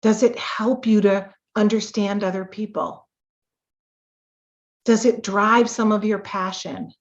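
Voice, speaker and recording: A woman hosting a live tapping call, coaching listeners with slow, emphatic talk and sudden emotional bursts. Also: mid-range voice, fairly even intonation, highs cut off.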